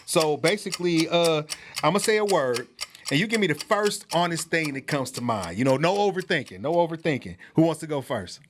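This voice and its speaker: A man's voice: a little high, animated, fairly quick, slight background noise. An American man hosting a podcast conversation, talking loosely with many restarts and laughs. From United States. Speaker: podcast host. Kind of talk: casual conversational interview.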